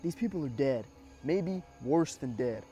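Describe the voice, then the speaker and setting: Man putting on a Cajun soldier, terrified, hushed, urgent warnings, dark mellow tone. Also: medium pitch, expressive, a little slow, soft background music, lightly acted. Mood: grim. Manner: hushed, fearful, breaking into urgent shouts. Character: frightened male Cajun soldier, tense and urgent.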